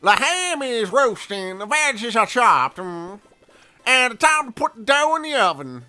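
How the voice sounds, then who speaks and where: A man voicing a flustered, excitable old male baker with a folksy drawl in a game playthrough. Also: extremely high pitch, unhurried, faint music behind, pitched above the performer's own voice, full character voice. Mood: proud. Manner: folksy drawl, frantic and loud.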